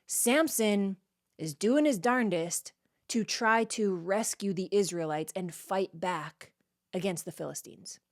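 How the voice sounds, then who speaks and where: A woman leads a relaxed, verse-by-verse Bible study in a chatty, conversational way. She reads a passage, then stops to react and unpack it in plain everyday language, tossing in "like" and "right?" as she talks to her listeners. Her voice sits at an ordinary middle pitch. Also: slow. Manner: frequent "like" and "right?" checks with the listener. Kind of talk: casual verse-by-verse Bible teaching.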